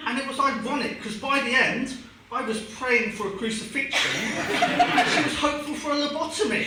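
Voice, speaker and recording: A man's voice: very high voice, far from the mic. Sardonic man, echoey club stage. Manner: deadpan, sardonic storytelling with swearing. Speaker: stand-up comedian. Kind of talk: stand-up comedy set. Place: comedy club, live audience. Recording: echoey club recording from afar, audience noise.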